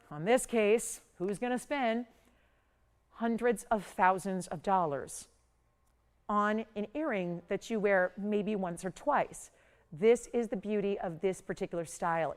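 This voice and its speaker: A woman's voice: fairly low pitch, smooth. A middle-aged woman hosting a live TV jewelry shopping show, talking in chatty, upbeat sales patter. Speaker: home shopping host.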